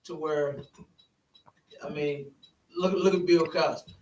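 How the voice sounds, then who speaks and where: A man's voice: fairly high pitch, fairly even intonation, slow, a little mellow, far from the mic. A man in a casual spoken discussion, rambling and often asking "you know what I'm saying?". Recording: echoey room, voice from off-mic, faint hiss.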